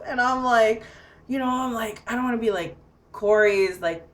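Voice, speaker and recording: A woman's voice: a little high, normal speed. A young woman recounting a personal mishap in a casual, chatty way. She laughs often as she talks, and her sentences are strung together with plenty of fillers. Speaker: storyteller. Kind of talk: casual anecdote telling.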